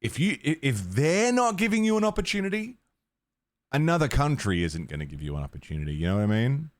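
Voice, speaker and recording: Very animated and fast, this Australian man has a mid-range voice and no echo as he chats on a game stream. He curses freely, laughs a lot, and rambles, often starting his sentences over.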